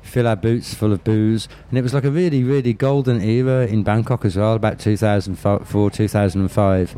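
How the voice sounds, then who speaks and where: With a Birmingham English accent, this man, a Birmingham native, gives an interview full of candid storytelling, profane bluntness, and repeated restarts. His lowish, warm voice stays fairly even in intonation and runs fairly quick.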